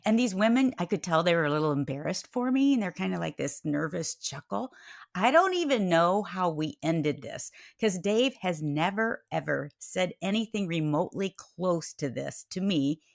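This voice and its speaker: A middle-aged woman guest on a podcast, telling a story in a lively, expressive way and acting out the quoted voices. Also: moderate pace, creaky, no room sound, studio quality. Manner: expressive, acts out quoted voices with big pitch jumps. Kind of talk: animated storytelling interview.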